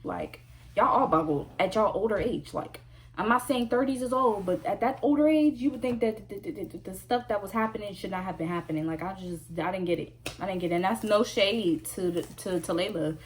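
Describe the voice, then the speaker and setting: A woman vlogger telling a story in a casual, animated way, full of slang and emphatic repeats. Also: mid-range voice, fairly quick, a little hiss or hum.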